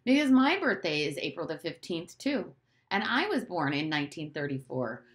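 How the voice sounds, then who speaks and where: A woman's voice: very animated, normal speed. A woman reading aloud, voicing a curious, naive nine-year-old boy in a storybook. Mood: eager. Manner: eager, high-pitched, questioning.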